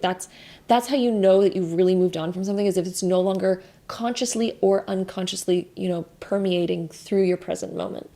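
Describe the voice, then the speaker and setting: Chatty young woman, mellow voice, tarot reading. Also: mid-range voice. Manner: chatty, laughs at herself, over-explains with many likes. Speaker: tarot reader. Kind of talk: casual spiritual card reading.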